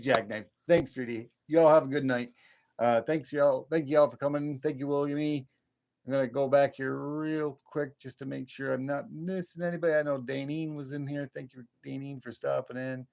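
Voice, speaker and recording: A man's voice: medium pitch, vocal fry, darkish tone. A man hosting a live stream, chatting in a rambling, folksy way and thanking viewers by name. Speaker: livestream host. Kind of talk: casual live-stream chat.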